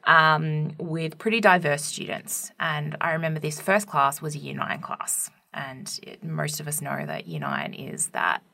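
A woman's voice: deep voice, animated, a little slow, gravelly, few pauses, sharp tone. A young adult woman co-hosting a podcast, telling a teaching story in a casual, chatty way full of "like" and "right?".

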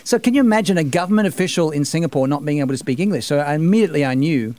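A man's voice: on the high side, rapid-fire. Easygoing man in his fifties. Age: 50s. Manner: relaxed, frequent fillers and backchannel agreement. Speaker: radio host. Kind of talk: casual radio chat.

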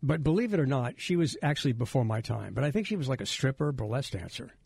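A middle-aged male radio host with a gravelly, husky voice, chatting casually and rambling through stories with lots of restarts. His voice sounds close and dry, with no room around it. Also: mid-range voice, very animated, fast talker, a little mellow, dry recording. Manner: rambling, self-interrupting storyteller. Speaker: radio talk show host.

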